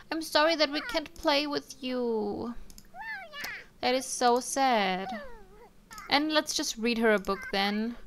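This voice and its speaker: A young woman streams a let's play of a life-simulation game, chatting casually to her characters with frequent ums and little laughs. Her voice is fairly high and a bit bright, with a little hiss or hum in the audio.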